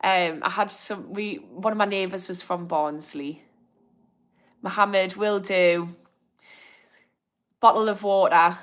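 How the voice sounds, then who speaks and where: A woman's voice: fairly low pitch, steady tone, slow pace. A young woman with a Northern English accent, hosting a live stream and chatting casually while reading out viewer comments. She is apologetic and encouraging and laughs easily. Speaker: livestream host.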